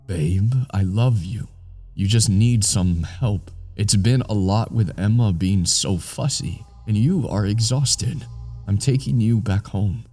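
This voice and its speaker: A man's voice: fairly low pitch, slow, dark tone, soft background music. A man playing a distressed, pleading young husband. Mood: tender.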